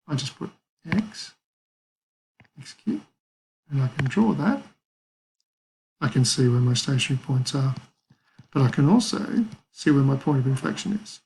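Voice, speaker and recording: A man's voice: fairly high pitch, vocal fry, darkish tone, a little hiss or hum, rough recording. A man teaching a maths lesson, talking casually through calculator steps and thinking aloud. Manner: casual, thinks aloud with fillers and small apologies.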